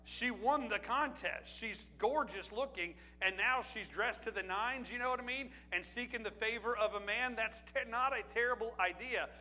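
A man's voice: extremely high pitch, moderate pace, hardly any pauses, sharp tone, poor audio. A man from Pennsylvania preaching a sermon as pastor, in a conversational way with rhetorical questions and asides to the congregation.

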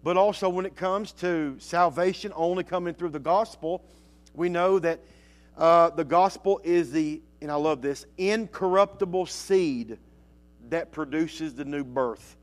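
A man preaching a sermon, reading scripture slowly and emphatically and dropping to soft asides in between. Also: a little high.

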